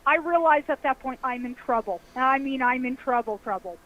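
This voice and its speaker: A woman's voice: sits high, fairly quick, muffled recording. A woman caller telling a ghost story vividly, acting out voices and sounds.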